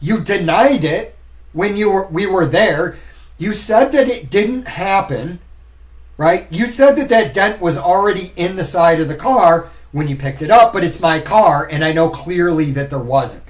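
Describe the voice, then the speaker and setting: A man's voice: sits high, lively intonation, measured pace. A man hosting a live stream, talking casually and rambling as he addresses his viewers directly. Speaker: streamer host.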